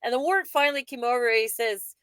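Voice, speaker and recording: A woman's voice: a little high, quick pace, smooth, no echo. A woman co-hosting a veterans' podcast, telling stories in casual conversation and laughing often. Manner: animated storyteller, laughs often.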